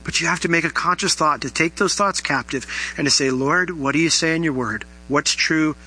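Male pastor, sermon, very bright tone, slightly high voice, animated emphatic questions. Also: brisk, slightly rough, low-quality recording.

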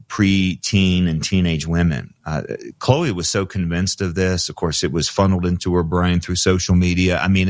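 A man's voice: low-pitched, no room sound, studio quality. A man as a guest on a talk radio interview, speaking emphatically with restarts. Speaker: guest, organization president.

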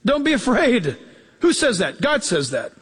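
A man preaching a sermon as pastor, telling stories in an animated way and acting out the quotes, repeating key phrases for emphasis. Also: measured pace, breathy edge, in a large hall. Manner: animated storytelling, acts out quotes with jumps in pitch.

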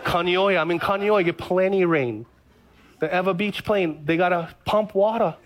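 A middle-aged man, a pastor telling a story in a sermon, animated and given to repeating himself. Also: high voice, moderate pace, background noise. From Hawaii's Big Island. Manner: animated, repeats phrases, stammers into restarts.

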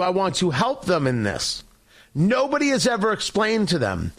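A man's voice: high-pitched, a bit bright. A man hosting a political talk show, delivering an opinionated monologue in a sarcastic, combative, mocking way.

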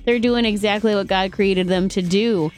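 A woman's voice: mid-range voice, steady tone, normal speed, a little mellow, soft background music. A woman hosting a morning radio show, chatty and bubbly in casual banter.

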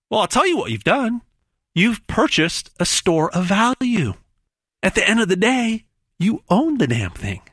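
Animated, emphatic man pitching gold. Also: dry recording, clean studio sound. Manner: emphatic, stammering repetitions, dramatic pauses on numbers. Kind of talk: hard-sell promotional monologue.

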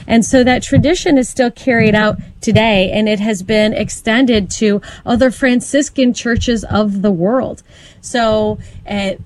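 A woman's voice: a little high, slight background noise, poor audio. A woman chatting about church events in an upbeat, informative way, with the occasional restart. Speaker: co-host. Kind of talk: conversational Catholic radio chat.

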